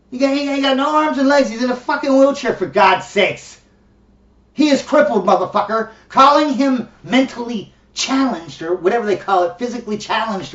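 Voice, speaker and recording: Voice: mid-range voice, a bit bright. A vlogger in a blunt, profane, mocking rant, often laughing. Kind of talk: ranting monologue. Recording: distant, roomy, dull lo-fi sound.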